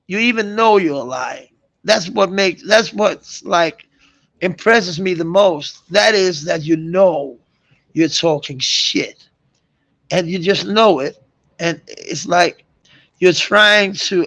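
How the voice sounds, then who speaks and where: A middle-aged man rants into his vlog in a rambling, mocking, profane way, chuckling between jabs. His voice sits high for a man and carries a gravelly rasp. He talks at an unhurried pace. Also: fairly bright tone, no echo. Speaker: vlogger. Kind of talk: ranting vlog monologue.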